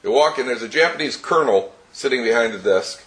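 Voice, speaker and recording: A man's voice: medium pitch, animated, quick pace, fairly bright tone. A man teaching a Torah class, telling stories with many restarts and chuckles.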